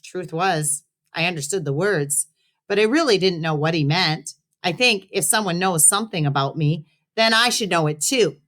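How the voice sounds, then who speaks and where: Teacher lady reading a kids book aloud, slightly low voice, expressive. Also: moderate pace. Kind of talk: read-aloud storytelling.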